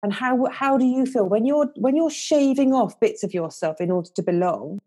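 A woman, a confidence coach speaking as a guest on a podcast, explaining her ideas in an earnest, gently coaching way and acting out inner voices. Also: a little high, animated, normal speed. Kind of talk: podcast interview.

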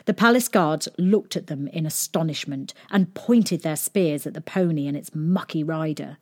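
A woman reading a children's story aloud in a gentle, expressive storytelling manner. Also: low-pitched, normal speed.

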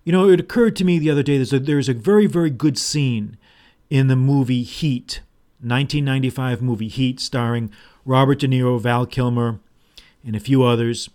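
A man talking through a solo podcast episode, loose and rambling, often circling back with restarts. He retells movie lines in his own ordinary speaking voice rather than acting them out. His pitch sits in the middle for a man. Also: normal speed, darkish tone. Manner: rambling, with restarts and "blah, blah" asides. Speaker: podcast host. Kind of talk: casual solo podcast monologue.

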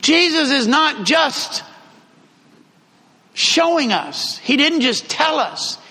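A man preaching a sermon, telling a travel story with lively emphasis and repeated phrases. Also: very high voice, slow pace. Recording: long hall reverb.

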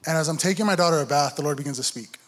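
Young male preacher, sermon testimony, earnest storyteller, voice on the higher side. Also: racing. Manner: earnest storytelling, acts out inner dialogue. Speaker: church speaker giving a testimony.

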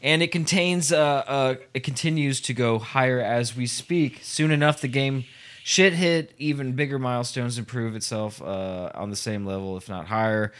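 A man's voice: mid-range voice, moderate pace, fairly bright tone. A man hosting a podcast, chatting loosely and reading a gaming article aloud with stumbles and laughs. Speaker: podcast host.

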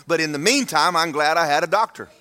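A man's voice: a little high, fast talker, pushed and bright, clear, resonant tone. A man, preaching a sermon to his church in a folksy, humorous, emphatic way. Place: church sanctuary.

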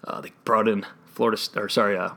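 A man's voice: lowish voice, fairly even intonation, fast talker, gravelly. A man with a Chicago accent hosting a solo sports betting podcast, talking through analysis and often restarting his phrases. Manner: analytical, restarts phrases, trails off quietly at ends.

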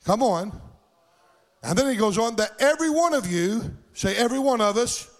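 A male pastor preaching a sermon in a sing-song cadence, swelling into shouts, in a church. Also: extremely high pitch, lively intonation, normal speed. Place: church sanctuary.

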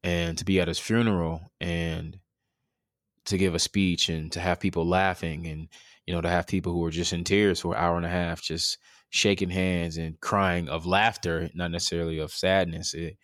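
A man's voice: low-pitched, flat delivery, moderate pace, fairly bright tone, dry recording, studio quality. A man in his thirties telling a personal story in an interview, reflective and earnest, with fillers and restarts. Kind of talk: candid conversational storytelling.

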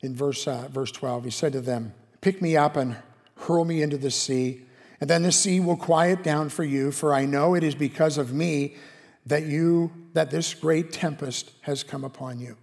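Higher-voiced preacher in a reverberant hall. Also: male voice, moderate pace, a little mellow. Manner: earnest, conversational preaching with rhetorical questions. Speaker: pastor. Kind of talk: sermon. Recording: long reverb of a large hall.

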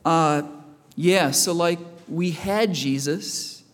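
A man's voice: a little high, very slow, faint music behind. A man playing a flustered, hesitant fellow who stumbles over his excuses, in a sermon skit. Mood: sheepish. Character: flustered man who let the prisoner slip away. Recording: reverberant church hall.

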